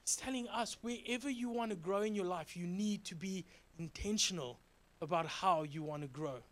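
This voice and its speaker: A man with a notably high voice preaches a sermon in a relaxed, conversational tone. He moves between lively, joking storytelling and earnest, repeated exhortations to his congregation. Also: normal speed. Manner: animated, joking storytelling with sound effects. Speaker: pastor.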